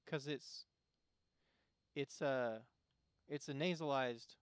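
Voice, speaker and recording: A man talks his way through a gameplay stream, rambling from thought to thought and breaking off mid-sentence. His voice sits at an everyday middle pitch and sounds close and dry, with no room around it. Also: takes it slowly, smooth, dry recording. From Arizona, USA. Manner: rambling, musing, self-interrupting. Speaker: game streamer. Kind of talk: casual gameplay commentary.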